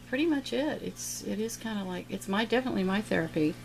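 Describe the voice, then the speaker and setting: Chatty, gravelly woman teaching painting. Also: medium pitch, animated, fast, a little hiss or hum, rough recording. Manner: chatty, playful, adds sound effects while painting. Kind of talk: casual step-by-step painting lesson.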